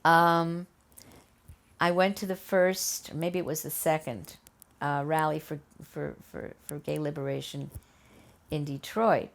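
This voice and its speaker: An older woman, recalling events in an oral history interview at her home, lively and acting out the voices she quotes. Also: low voice, slow, vocal fry. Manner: animated, acts out quoted voices, many restarts. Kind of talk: conversational storytelling.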